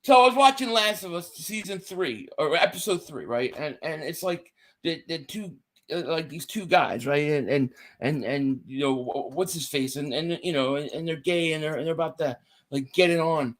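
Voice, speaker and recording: A man's voice: fairly high pitch, normal speed. A man co-hosting a casual sports podcast, telling stories and reading viewer chat aloud. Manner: animated storyteller, reads viewer chat aloud. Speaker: podcast co-host.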